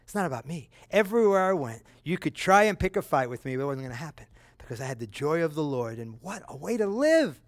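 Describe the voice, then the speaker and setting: A middle-aged male pastor preaching in a relaxed, conversational way and leaning into his stories with energy. His voice sits a little higher than most men's. The sound is dry and close, with no room echo. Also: fast talker. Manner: conversational preaching with animated storytelling. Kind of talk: sermon.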